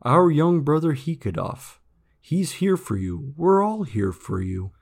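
Male reader as a nervous, courteous monk, gravelly tone. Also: fairly high pitch, very animated, darkish tone, voice pushed up, full character voice. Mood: anxious. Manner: polite, hurried, nervous. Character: polite, anxious adult male monk.

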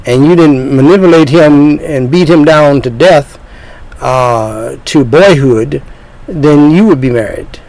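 A man preaching a sermon in a combative, lecturing way, dropping now and then into low, threatening asides. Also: slow pace, darkish tone, poor audio.

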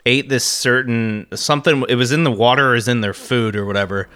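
A man's voice: medium pitch, fairly even intonation, a little fast, a bit bright, clear, resonant tone. A man from the Midwest co-hosting a podcast, chatting casually and ranting with heavy profanity and frequent laughter. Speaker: podcast co-host.

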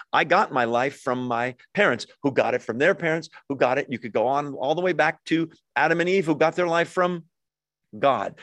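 A pastor with a somewhat bright voice on the high side preaches a sermon conversationally, frequently asking his listeners questions. There's no room sound on the recording.

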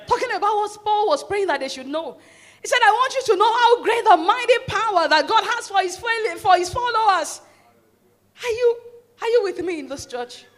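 High-voiced lady pastor preaching hard in church, loud call and response bits, gets shouty. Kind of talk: sermon.

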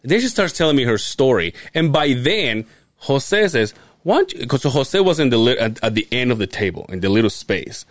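Man, lively pitch, dry close sound, casual podcast storytelling. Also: moderate pace, no echo. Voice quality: animated, swears freely, laughs while telling. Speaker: podcast co-host.

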